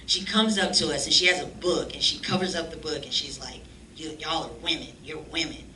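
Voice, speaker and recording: A woman telling her life story as a church guest, animated and slangy, acting out the voices of people she quotes. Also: low-pitched, fairly quick. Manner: animated, acts out quoted dialogue in slangy speech. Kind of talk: lively storytelling testimony. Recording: echoey room, distant mic, faint noise.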